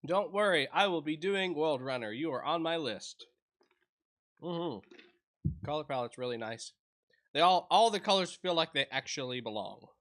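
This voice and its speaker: A man casually reviews an indie game as he plays, his talk chatty and full of restarts. His voice sounds bright and forward. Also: fairly high pitch, animated, moderate pace. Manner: rambling, chatty, self-interrupting. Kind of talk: casual let's-play commentary.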